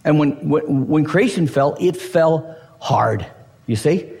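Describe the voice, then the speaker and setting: A man's voice: on the high side, takes it slowly, creaky. A middle-aged male pastor preaching a sermon and teaching his congregation, often checking in with them. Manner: animated preaching with repeated rhetorical checks.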